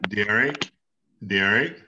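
A man teaching an online Bible class, speaking slowly and patiently and asking the class questions. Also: on the low side, background noise. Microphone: video call. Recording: dull lo-fi video call audio.

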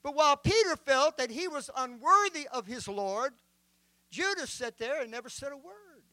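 A man preaching a sermon as a bishop, reading scripture slowly and dramatically. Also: very high-pitched, lively intonation, pushed and bright, no room sound.

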